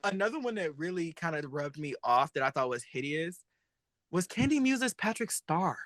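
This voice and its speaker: A man co-hosting a drag and pop culture show, chatting in a sassy, animated way and laughing often. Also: on the high side, moderate pace, no room sound. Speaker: podcast co-host. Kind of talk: casual chat.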